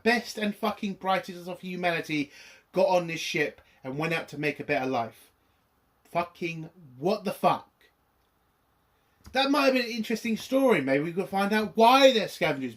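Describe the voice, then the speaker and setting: A man's voice: high voice, a bit bright. A man reviewing a TV episode in an angry, exasperated rant, swearing often. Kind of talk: ranting video review.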